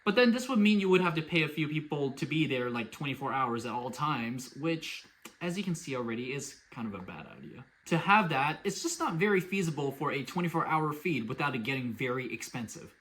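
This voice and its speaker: A man's voice: a little high, fairly quick, slight background noise. A man hosting a casual commentary vlog, talking in a sarcastic, exasperated way. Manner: sarcastic, exasperated, lively storytelling. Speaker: YouTube commentary host.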